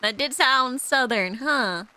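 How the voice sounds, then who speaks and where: A woman's voice: high-pitched, slow, sharp tone, low-quality recording. A young woman streaming as a VTuber, chatting playfully with lots of giggles and reading a visual novel aloud.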